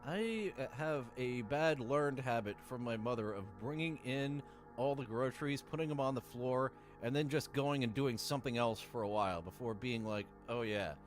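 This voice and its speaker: A man's voice: mid-range voice, moderate pace, faint music behind. A man streamer chatting casually, rambling with many fillers and crude jokes. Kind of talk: casual chat.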